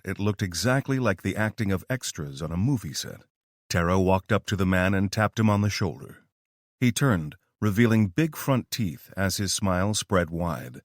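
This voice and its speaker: A man narrating an audiobook in an expressive storytelling manner. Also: low-pitched, no echo, studio quality. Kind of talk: scripted narration of military horror.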